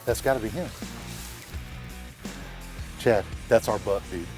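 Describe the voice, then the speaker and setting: Low-voiced man bowhunter in woods. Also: moderate pace, long pauses, a little mellow, faint music behind. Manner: short, plain spoken phrases. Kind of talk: hunting show narration and field talk. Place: outdoors in woods.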